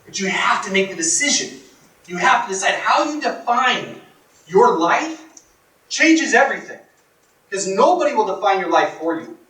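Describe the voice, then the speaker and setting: A man giving a motivational workshop talk, telling stories in a dramatic, emphatic way that swings from hushed to loud. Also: high voice, very animated, brisk. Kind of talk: storytelling speech to a live audience. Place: workshop room. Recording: echoey room from far off.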